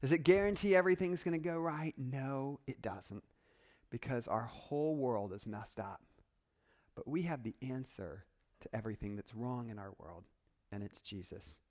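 A man preaching a sermon, swinging between quiet, measured stretches and loud, animated bursts. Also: medium pitch. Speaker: pastor.

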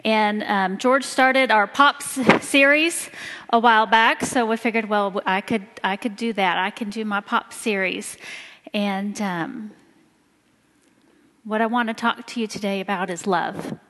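A woman in her forties from Indiana, giving a personal talk in church with slow, emphatic storytelling. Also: mid-range voice, fairly even intonation, fairly bright tone. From Indiana, USA. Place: church sanctuary. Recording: long hall reverb.

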